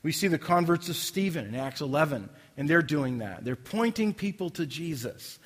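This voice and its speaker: A man's voice: a little high, expressive, normal speed, fairly bright tone, big-room sound. A man preaching a sermon in an earnest, conversational way, often restarting phrases and telling a story. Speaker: pastor.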